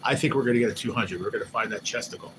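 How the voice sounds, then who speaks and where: A man hosting a live stream, chatting casually and excitably, swearing loosely and often mimicking what others said. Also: lowish voice, very fast. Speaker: livestream host. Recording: noisy background hum.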